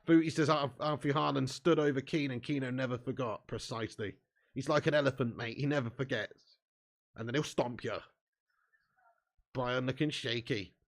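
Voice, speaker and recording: A young man hosting a live football watch-along, bantering with his chat and swearing freely, getting loud when a chance comes. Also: mid-range voice, moderate pace, long pauses.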